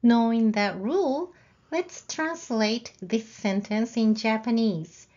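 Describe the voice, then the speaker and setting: A woman teaching a language lesson, explaining grammar patiently and saying example sentences out loud. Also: on the high side, slow pace, lo-fi sound. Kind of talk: slow, careful lesson explanation.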